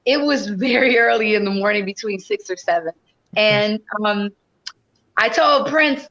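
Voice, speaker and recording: Woman in her fifties, podcast guest, animated storytelling, swears freely, mid-pitched voice, dull lo-fi sound. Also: unhurried. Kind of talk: casual storytelling.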